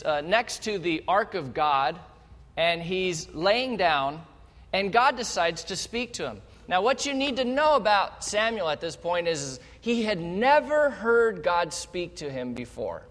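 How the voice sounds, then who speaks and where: A male pastor preaching a sermon, telling the story with animated energy and speaking straight to the congregation. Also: high-pitched, slow pace. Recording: long hall reverb.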